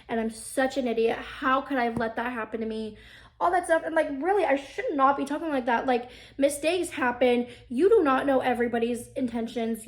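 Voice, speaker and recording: A young woman hosting an advice podcast, talking casually and earnestly, with lots of fillers. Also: fairly high pitch.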